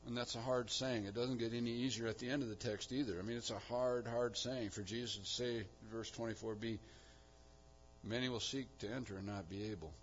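Male pastor, mid-pitched, preaching with big swings from soft to emphatic, dull lo-fi capture. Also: fairly even intonation, a little fast, slight background noise. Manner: swings from quiet asides to loud emphatic peaks. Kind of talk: sermon. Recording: dull lo-fi sound.

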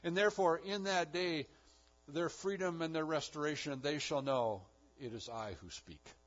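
A husky-voiced male pastor delivers a sermon with strong emphasis. He swings from loud, rising declarations to quiet, low-pitched lines. The recording sounds dull and muffled. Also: moderate pace.

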